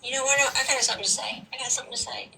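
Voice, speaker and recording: A woman's voice: high-pitched, steady tone, racing, background noise. A woman hosting a group livestream, talking bluntly and joking at her own expense. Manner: blunt and self-mocking, talks back to the chat. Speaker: livestream host. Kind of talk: casual livestream chat.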